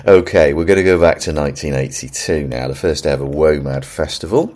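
This is a radio DJ in middle age, a man whose voice sits extremely low. He sounds slightly hoarse, as if he has a frog in his throat. He chats loosely between records, hesitating often with ums and uhs. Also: a little fast, few pauses, a little mellow.

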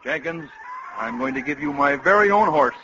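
An actor voicing a scheming army colonel in an old cartoon, sly and smooth with little hesitations. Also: male voice, a little high, animated, pushed and bright. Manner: sly and smooth, hemming with small pauses. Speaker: cavalry colonel. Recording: dull hissy old cartoon soundtrack.

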